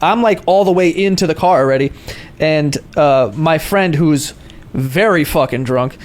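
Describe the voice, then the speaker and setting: A podcast host in casual chat, telling a rowdy story, swearing and acting out the other people in it. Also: male voice, a little high, unhurried. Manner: animated storyteller, swears freely, acts out voices.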